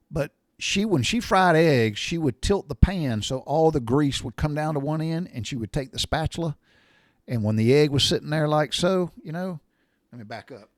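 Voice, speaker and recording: A man's voice: on the high side, no room sound. Older guy rambling through stories, folksy and a bit salty, dry close sound. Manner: folksy, rambling, with mild cussing. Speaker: storyteller sharing memories. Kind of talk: casual storytelling monologue.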